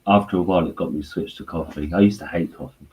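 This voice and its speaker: Very deep-voiced rambling man. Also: a crowd in the background, low-quality recording. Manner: rambling, halting, full of fillers. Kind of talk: casual chat.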